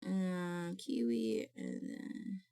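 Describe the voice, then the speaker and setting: Woman, VTuber streamer, casual chat, unhurried, lively up-and-down voice. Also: on the low side, creaky. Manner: chatty, rambling, greets chat by name.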